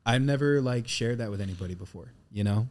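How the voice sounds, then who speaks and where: A man's voice: mid-range voice, fast talker, a little mellow, a little hiss or hum. A man co-hosting a casual podcast, reading a passage aloud and talking openly, at times emotional and swearing casually. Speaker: podcast co-host.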